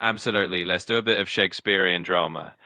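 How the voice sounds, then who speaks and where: A synthetic male assistant voice with a bright, forceful tone, upbeat and eager as it explains things quickly. The sound is close and dry, with no room around it. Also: deep voice, fairly even intonation, no room sound. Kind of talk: conversational answers.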